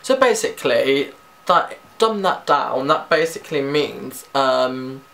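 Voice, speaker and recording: A teenage man chatting casually through a tag questionnaire, rambling and quick to giggle. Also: medium pitch, expressive, gravelly, sharp tone. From Britain. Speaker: vlogger.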